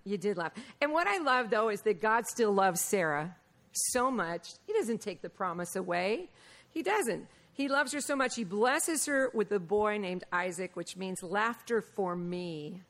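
A woman preaching a Bible lesson, mixing lively personal stories with scripture, and often laughing and acting out the voices of people in her stories. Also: medium pitch, unhurried. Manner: animated, laughing, acts out quoted voices. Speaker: Bible teacher. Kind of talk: sermon with personal storytelling.

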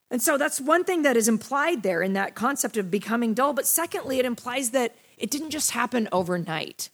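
A woman's voice: a little high, fairly bright tone. A young woman teaching a Bible study lesson in a casual, conversational way, often checking in with her listeners. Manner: conversational, frequent "right?" and "you know".

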